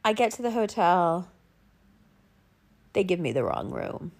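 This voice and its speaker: A woman's voice: lowish voice, unhurried, gravelly, long pauses. A woman telling a travel story in a casual monologue, swearing freely and acting out the lines of the people she met. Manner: animated, swearing, acts out quoted lines.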